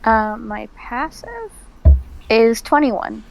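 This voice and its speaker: A woman's voice: fairly high pitch, sing-song, drawn-out words, vocal fry, faint music behind, poor audio. A woman playing a tabletop game, casual and blunt as she eagerly announces her rolls. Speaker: player.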